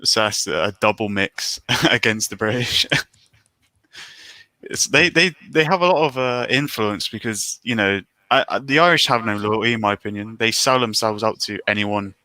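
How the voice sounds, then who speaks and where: A man with a low, hard-edged, forceful voice gives his opinions flatly in a casual livestream chat. The sound is dry, with no room around it. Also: moderate pace, no room sound. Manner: blunt, opinionated.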